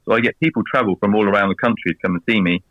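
A man's voice: on the low side, very fast, no echo, phone-quality sound. An English man chatting casually as a guest, rambling and laughing at his own jokes. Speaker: guest on a video call. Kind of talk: casual chat.

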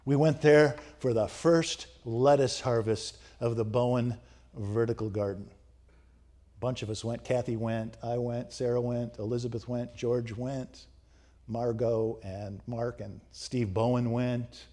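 A man's voice: medium pitch, fairly even intonation, unhurried, warm tone. A man preaching a sermon, emphatic and rhetorical, asking the congregation questions. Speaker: pastor.

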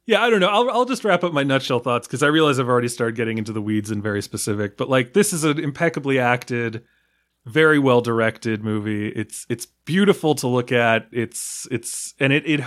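A man's voice: mid-range voice, expressive, a little fast, a bit bright. A man from the United States talking casually about a film, rambling with many fillers, restarts and small laughs. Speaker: film podcast guest.

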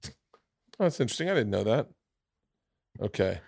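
A man's voice: on the low side, big pitch swings, normal speed, gravelly, a little mellow, husky, no room sound, clean studio sound. A man hosting a podcast, telling a long rambling story in casual chat, swearing freely. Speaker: podcast host.

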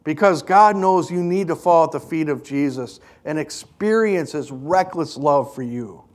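A male pastor with a notably high speaking voice, preaching a sermon. He tells stories earnestly and with emphasis, driving each point home to the congregation. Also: unhurried.

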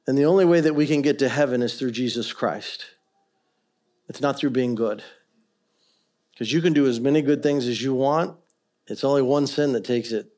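A middle-aged man preaching a sermon as pastor, swinging between quiet earnest stretches and loud, impassioned ones. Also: mid-range voice.

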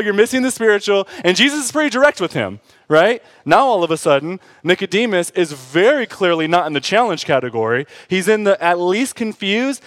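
A man preaching a sermon in an animated, conversational way, often tossing in quick asides to the congregation. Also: high-pitched, no echo. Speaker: pastor.

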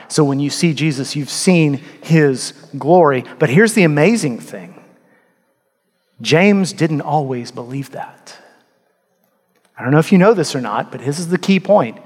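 A male pastor preaching in a large church hall, his slightly high voice carrying a long reverb tail. He speaks earnestly and pushes to emphatic peaks on key points. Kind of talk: sermon.

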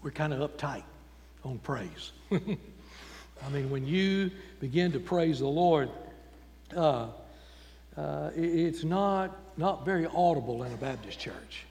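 A man's voice: fairly high pitch, lively intonation, slow, pauses often, a little mellow. A man preaching a folksy, emphatic sermon in a church. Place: church sanctuary. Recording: long church reverb.

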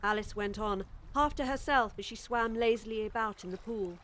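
A woman narrating a classic children's storybook in a gentle, expressive reading voice. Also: mid-range voice, moderate pace.

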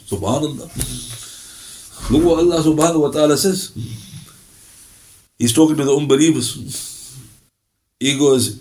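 Blunt male class teacher, fairly high voice, leans hard on the verses he reads, rattles through the asides. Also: darkish tone. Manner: reads verses slowly and emphatically, then explains quickly with blunt jokes. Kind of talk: religious class lecture.

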